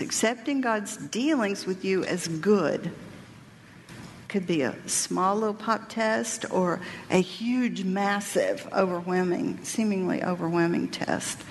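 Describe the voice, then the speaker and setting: A woman giving a women's workshop talk, sharing a personal testimony and Bible teaching in an earnest, reflective, halting way. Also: medium pitch. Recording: reverberant hall with faint noise.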